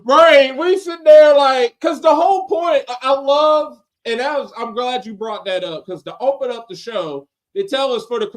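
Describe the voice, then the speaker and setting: A man hosting a casual wrestling podcast, animated and laughing, slipping into voices as he retells stories. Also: extremely high pitch, normal speed, few pauses. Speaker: podcast host.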